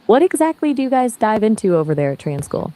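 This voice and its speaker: A woman's voice: medium pitch, very animated, fast talker, dark tone. Breezy, chatty female AI voice. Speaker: AI conversation partner. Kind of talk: conversational Q&A answers.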